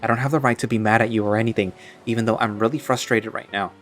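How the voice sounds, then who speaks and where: A man's voice: fairly low pitch, steady tone, fast talker, fairly bright tone, faint music behind, close to an everyday voice. A man playing a young man who presses a friend with earnest, hurt questions. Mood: frustrated.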